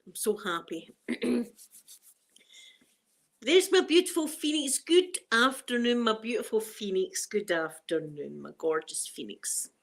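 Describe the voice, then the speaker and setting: A woman's voice: fairly high pitch, expressive, a little slow, vocal fry, slight background noise. A middle-aged Scottish woman hosting a casual live chat, emotional and fighting back tears as she greets viewers by name. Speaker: livestream host.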